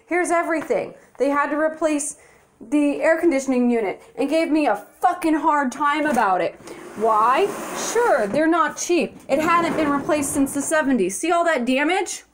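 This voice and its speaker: Young woman, high voice, angry profane vlog rant, blunt, exasperated, phone camera in an apartment. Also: moderate pace, slight background noise. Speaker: vlogger. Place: her apartment indoors.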